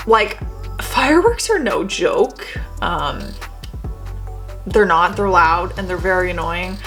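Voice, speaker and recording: A woman's voice: on the low side, takes it slowly, soft background music. A young woman from Canada hosting a reaction video, talking in a chatty, sassy way from her bedroom. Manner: chatty, animated, sassy asides. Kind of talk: casual reaction commentary.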